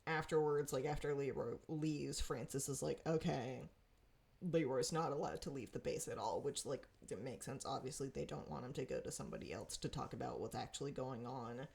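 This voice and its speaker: A young woman casually reviewing a TV episode, animated and often laughing as she vents her frustration. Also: rumbling low, brisk, gravelly. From Pacific Northwest. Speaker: TV show reviewer.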